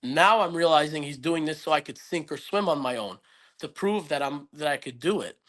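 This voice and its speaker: A man's voice: a little high, expressive, moderate pace, a bit bright. A man speaking as a podcast guest, telling a personal story in an earnest, reflective way that rambles with many restarts. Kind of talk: casual interview storytelling.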